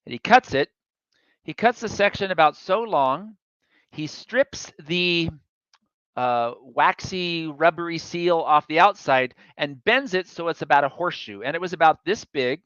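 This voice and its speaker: A man tells a chatty, self-deprecating story during a public talk. His voice is bright and smooth, and a little higher than most men's. The sound is dry and slightly dull. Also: expressive, a little slow, no room sound. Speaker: guest speaker.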